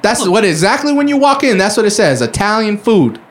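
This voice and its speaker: A man's voice: sits high, very animated. A man who produces and co-hosts a podcast, joking around in casual banter. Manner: joking, playful, quick to interrupt. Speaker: producer and co-host.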